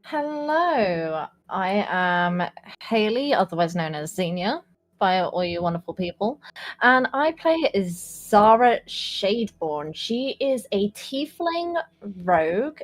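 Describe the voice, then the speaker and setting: A woman's voice: medium pitch, sing-song, slow pace. A woman player in a tabletop game, chatting in a playful way about her character, drawing out her phrases. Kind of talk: casual chat introducing a character.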